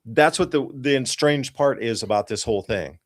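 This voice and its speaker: Excited man hosting a weather talk show. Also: mid-range voice, normal speed, no echo, clean studio sound. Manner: excited, emphatic, rambling with restarts. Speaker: host. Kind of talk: casual talk-show commentary on weather charts.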